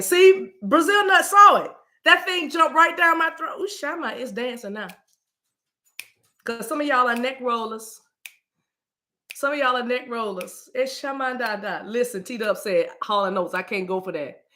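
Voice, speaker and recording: Spiritual host, a woman: high, bright voice, playful, chatty with her live audience. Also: moderate pace. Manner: animated, playful, breaks into chant-like sounds. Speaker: spiritual reader hosting a live stream. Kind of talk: casual live-stream talk with chat.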